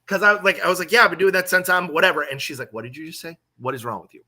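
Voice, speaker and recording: A man's voice: a little high, fairly even intonation, very fast, bright, forceful tone. A man casually telling a personal story on a live stream, swearing and acting out quotes.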